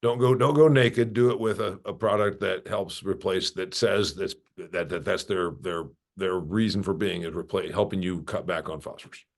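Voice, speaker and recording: A man hosting a farming podcast interview, talking in an animated, restless way that often restarts mid-sentence. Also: deep voice, normal speed, gravelly, few pauses. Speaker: podcast host. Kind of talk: casual interview.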